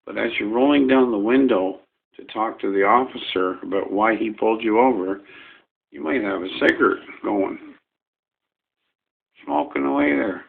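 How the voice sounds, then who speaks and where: Gravelly man ranting on a tinny video. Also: fairly low pitch, moderate pace. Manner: rambling, profane, folksy ranting. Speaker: vlogger.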